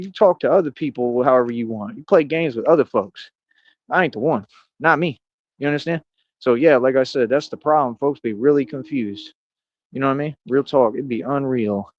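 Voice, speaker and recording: A man's voice: mid-range voice, fairly quick, no room sound. Boastful ranting man in his thirties. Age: 30s. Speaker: streamer. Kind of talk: rambling livestream monologue. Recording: dull lo-fi dry sound.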